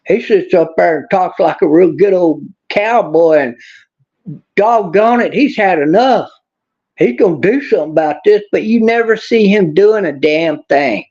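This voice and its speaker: A man's voice: high-pitched, moderate pace, few pauses, darkish tone, lo-fi sound. A man hosting a political livestream, talking bluntly and angrily, swearing and answering chat comments. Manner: blunt, angry, swears, talks back to chat. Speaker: livestream host reading chat. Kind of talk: casual political livestream rant.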